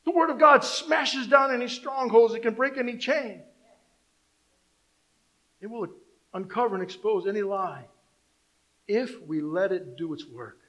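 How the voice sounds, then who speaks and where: A man preaching a sermon, reading scripture and calling on the congregation, moving between loud emphasis and soft, low delivery. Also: unhurried, long pauses, low-quality recording. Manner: reads scripture aloud, calls on the congregation to respond. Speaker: pastor.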